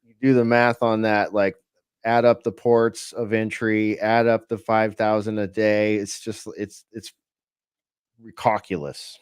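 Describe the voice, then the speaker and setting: A man's voice: fairly low pitch, level tone, unhurried, smooth, no echo. Man, podcast co-host, casual and incredulous, dry sound. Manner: casual, incredulous, laughs along. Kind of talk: casual commentary chat.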